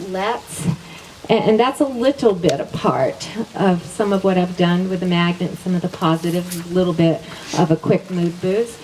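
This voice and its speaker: A woman's voice: on the low side, dark tone. A middle-aged woman teaching a class, leading spoken affirmations and repeating each phrase twice in an upbeat way, laughing often. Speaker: wellness teacher. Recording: voice from a distance with faint background noise.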